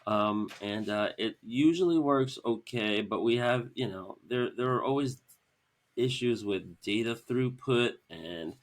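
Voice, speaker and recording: A man's voice: mid-range voice, unhurried. A man talking casually as a podcast guest, hesitant and full of fillers. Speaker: podcast guest, comic artist. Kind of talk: casual chat.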